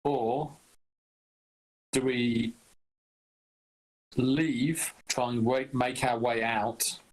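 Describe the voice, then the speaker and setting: A man speaks as a player in a tabletop role-playing game, weighing up the party's options. He talks slowly and deliberately, setting out his reasoning step by step. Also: medium pitch, steady tone, low-quality recording. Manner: deliberate, reasoning things through. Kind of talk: tabletop role-play chat.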